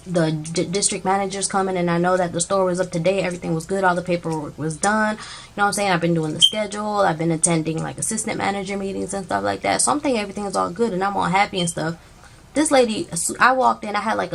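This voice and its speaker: A woman's voice: lowish voice, creaky. A woman telling a personal story in a casual storytime vlog, acting out the dialogue as she goes. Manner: animated retelling with quoted dialogue.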